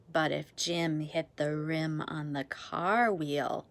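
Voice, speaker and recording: A woman teaching a phonics lesson to young children, slow and sing-song, drawing out each word to encourage them. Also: deep voice, creaky, a bit bright. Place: classroom or home with whiteboard.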